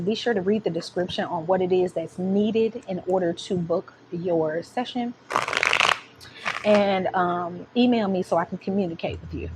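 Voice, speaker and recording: A woman's voice: medium pitch, a little mellow, a little hiss or hum, low-quality recording. Chatty woman giving a tarot reading. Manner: chatty, playful, laughs often, affirming. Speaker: tarot reader. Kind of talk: casual tarot reading to camera.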